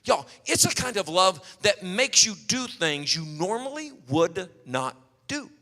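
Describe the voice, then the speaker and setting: A man preaching a sermon, telling animated stories and acting out quotes. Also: high-pitched, a little slow. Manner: storytelling, animated, acts out quotes. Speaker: pastor. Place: church hall. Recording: long hall reverb.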